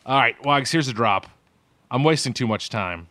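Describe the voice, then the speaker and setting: A man's voice: mid-range voice, lively intonation, normal speed, pushed and bright. A man co-hosting a podcast in casual chat, ranting and swearing in an exasperated way. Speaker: podcast co-host.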